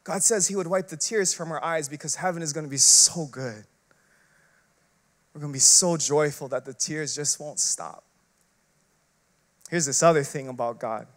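A man preaching a sermon as an associate pastor. He talks conversationally, using lots of filler words and rhetorical questions. He swings between loud, emphatic bursts and quiet, hushed passages. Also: fairly high pitch, moderate pace, pauses often.

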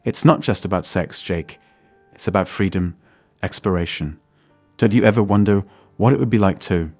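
A man's voice: sits low, normal speed, a little mellow, breathy edge, no echo, faint music behind. A man voicing a restless young wife who is earnestly and defensively arguing for an open marriage. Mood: pleading.

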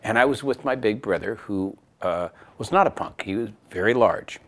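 A man's voice: on the low side, moderate pace. A middle-aged man telling a self-mocking story from his youth in an interview. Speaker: composer recalling a story. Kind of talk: interview anecdote.

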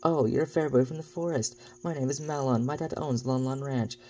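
A man's voice: medium pitch, fairly even intonation, brisk, dark tone, a little hiss or hum, pitched above the performer's own voice, natural voice. A man voicing a cheerful young ranch girl while he reads her game dialogue aloud. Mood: friendly.

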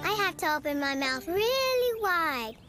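A performer voicing a playful, cheerful young male bunny for a preschool show, talking slowly in a singsong way, with lots of giggles and hums. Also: extremely high pitch, big pitch swings, exaggerated voice. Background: children's music.

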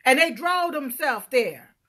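High, bright, fiery woman. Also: expressive, slow pace. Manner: loud, emphatic, calls out to viewers, punctuates with "huh?". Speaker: political vlogger. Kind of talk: fiery political rant.

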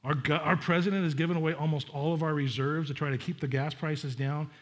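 Speaking fast with a voice on the high side, a middle-aged man delivers a lively, conversational sermon as pastor, with asides to his congregation.

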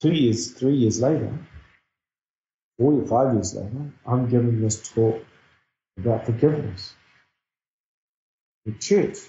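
A man's voice: mid-range voice, measured pace, long pauses, dark tone. A middle-aged man from New Zealand with a New Zealand accent, telling a personal story in an earnest, reflective way during an interview. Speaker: guest speaker. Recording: dull, echoey recording.

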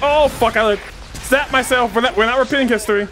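A woman commentating her gameplay casually, excitable, swearing and trash-talking enemies. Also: a little high, quick pace, slight background noise. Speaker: gaming streamer.

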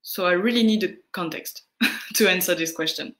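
A woman with a French accent giving casual French lessons, answering viewer questions with frequent pauses and fillers. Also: on the low side, fairly bright tone. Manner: unhurried, answering viewer questions, greets chatters; hesitant, many fillers. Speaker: French tutor on a live stream.

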